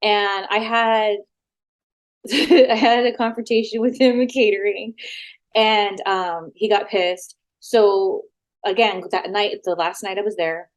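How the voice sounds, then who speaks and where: A woman, a former wrestler, talking frankly as an interview guest, animated and full of quoted back-and-forth, sitting at a house. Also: mid-range voice. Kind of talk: casual storytelling interview.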